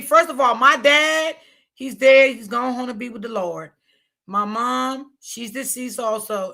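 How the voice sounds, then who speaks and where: A woman's voice: medium pitch, vocal fry, bright, forceful tone. A woman commentating on a live stream, blunt and profane, speaking straight to her viewers. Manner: blunt, profane, emphatic, talks straight to the audience. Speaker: online commentator.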